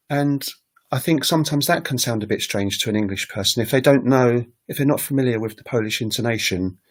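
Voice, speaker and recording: A man's voice: medium pitch, moderate pace. A man hosting a casual livestream about language learning, rambling with many ums and self-corrections and saying example phrases aloud.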